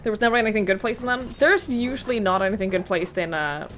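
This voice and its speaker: A woman's voice: medium pitch, animated, a bit bright, slight background noise. A woman streamer chatting casually while playing a video game, rambling with many "like" fillers. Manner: chatty, rambling, full of "like" fillers, quick laughs.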